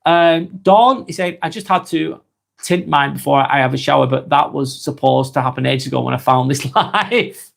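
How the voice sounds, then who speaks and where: A man in his forties with an East Lancashire accent, hosting a live stream and reading out viewer comments in a slow, halting way with many ums. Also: medium pitch, vocal fry. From England. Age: 40s.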